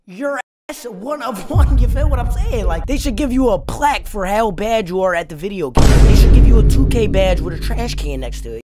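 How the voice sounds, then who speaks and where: With background music behind him, a high-voiced young man speaks briskly and animatedly. As a gaming YouTuber, he delivers pumped-up, profane commentary during play, roasting opponents with playful trash talk.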